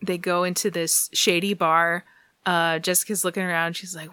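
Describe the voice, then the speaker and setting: Woman retelling comics w/ lots of laughs, kinda low voice, dry close mic. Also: normal speed, smooth, no echo. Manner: animated storytelling, laughs often, drops to a whisper for asides. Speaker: podcast host recapping comics. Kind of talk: casual chat.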